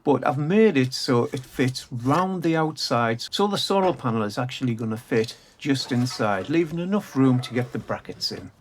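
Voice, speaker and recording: A middle-aged DIY channel host narrates a build in an outdoor garden workspace in light rain, his medium-pitched voice animated, at normal speed with few pauses. He's chatty and jokey, fond of tag questions like "eh?" and "don't you?" Slight background noise is audible.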